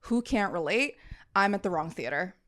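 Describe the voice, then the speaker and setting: A young adult woman co-hosting a casual podcast, telling a story in an animated way and swearing freely. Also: mid-range voice, normal speed. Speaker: podcast co-host. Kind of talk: casual chat.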